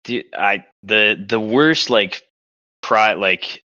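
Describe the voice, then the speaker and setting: A man's voice: lowish voice, slow pace, no room sound. A young man co-hosting a casual podcast, telling stories animatedly and acting out the other people in them. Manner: animated storyteller, acts out other voices. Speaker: podcast co-host. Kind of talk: casual chat, storytelling. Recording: dull lo-fi sound.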